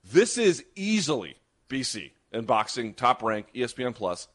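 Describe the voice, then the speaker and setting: A man talks combat sports on a show he co-hosts, with fast, animated delivery. His opinions come out strongly, with a mid-range voice. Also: mid-range voice. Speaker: podcast co-host. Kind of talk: casual sports chat.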